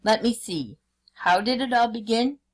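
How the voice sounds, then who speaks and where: A woman's voice: fairly high pitch, animated, moderate pace, pitched above the performer's own voice. A woman reading a story aloud, voicing a sly male jackal who acts confused and fussy. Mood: feigned confusion. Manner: dithering, exaggeratedly puzzled.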